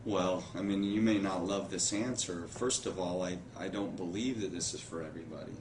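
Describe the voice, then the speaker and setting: A man's voice: deep voice, brisk, a little mellow. A man being interviewed about his years in network marketing, speaking earnestly and laughing as he tells stories. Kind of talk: conversational interview. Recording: roomy echo, somewhat distant mic, faint background noise.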